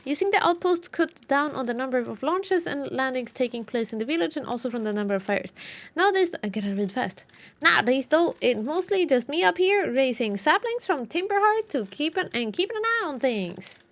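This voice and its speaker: Woman reading lonely alien outpost keeper, male, calm, high voice, lively, plain game dialogue. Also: brisk. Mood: explaining.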